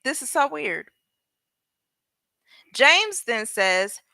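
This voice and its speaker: A woman with a high, bright voice reads out a legal transcript at an unhurried pace. She stops often to question her viewers directly. The recording is close and dry, with no room sound. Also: lively intonation, no echo. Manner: talks straight to viewers, asking pointed questions. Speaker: legal commentary host. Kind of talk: reading a transcript aloud with commentary.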